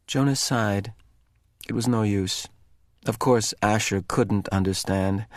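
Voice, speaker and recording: A man reading a novel aloud with expressive, measured narration. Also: lowish voice, gravelly, no room sound, studio quality. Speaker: reader.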